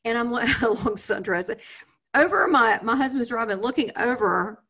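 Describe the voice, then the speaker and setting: A woman's voice: on the high side, lively intonation, normal speed, sharp tone, slightly rough. Southern lady rambling to her viewers, lots of ums and side notes, middle-aged, chatty. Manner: chatty, rambling, many fillers and asides. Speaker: channel host. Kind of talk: casual storytelling to viewers.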